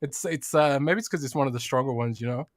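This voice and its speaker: A man's voice: medium pitch, fast talker, no room sound, studio quality. A man co-hosting a casual gaming podcast, jokey, laughing easily and trailing off into murmurs. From United Kingdom. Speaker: podcast co-host, games writer.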